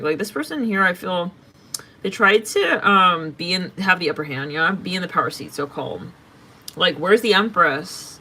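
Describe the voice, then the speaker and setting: A woman's voice: mid-range voice, bright, forceful tone, a little hiss or hum. A woman giving a casual tarot reading to her viewers, talking bluntly and with open exasperation, swearing freely as she goes. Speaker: tarot reader.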